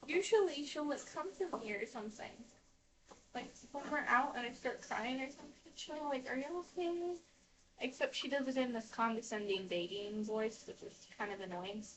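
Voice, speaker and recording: A woman with a high voice rambles through a personal story, stopping and restarting her sentences and leaning on fillers. She talks while washing dishes in a home kitchen. The mic sits a good way from her, so she sounds distant. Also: normal speed, fairly bright tone. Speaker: vlogger.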